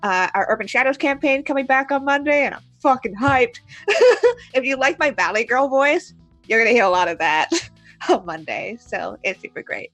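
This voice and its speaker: A woman, the game master of a tabletop game stream, chatting quickly and laughing, swearing casually. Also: sits high, sing-song, a bit bright, no room sound, soft background music. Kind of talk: casual wrap-up chat.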